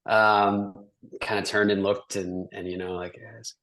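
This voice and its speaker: A man with a fairly low voice tells a story on a podcast in an easy, self-deprecating way. He acts out what he said, rising into higher, sheepish voices. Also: steady tone, unhurried, a bit bright. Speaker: podcast co-host. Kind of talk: casual chat.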